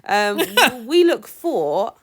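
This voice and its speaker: A woman's voice: fairly high pitch, big pitch swings, drawn-out words. A woman with a chatty, bantering manner, hosting a thrift vlog and explaining brands and resale prices. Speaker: thrift reseller and channel host. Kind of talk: casual vlog chat.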